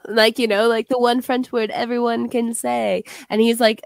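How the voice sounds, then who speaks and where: A woman's voice: a little high, little pitch movement, normal speed, gravelly, heavy background noise. A young woman co-hosting a podcast, chatting casually, laughing often and swearing while she tells stories. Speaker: podcast co-host. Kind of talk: casual chat.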